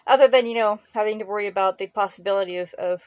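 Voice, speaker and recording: A woman's voice: medium pitch, racing, a little mellow, no echo. Chatty woman, dry close sound. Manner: chatty, laughs easily, repeats words. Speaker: podcast co-host. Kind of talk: casual chat.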